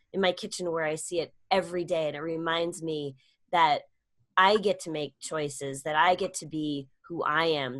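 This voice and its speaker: A middle-aged woman with a lowish voice tells a story in a relaxed interview. She is animated, throwing her pitch way up whenever she acts out what someone said. Her pace runs even, with quick bursts. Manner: animated storytelling, acts out quotes with sudden high pitch jumps. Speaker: guest, comedian and public speaker.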